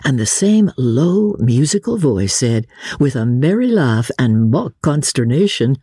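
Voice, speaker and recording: A woman narrating an audiobook with lively, expressive storytelling. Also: extremely low pitch, measured pace, slightly rough, no room sound, studio quality. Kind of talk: scripted narration.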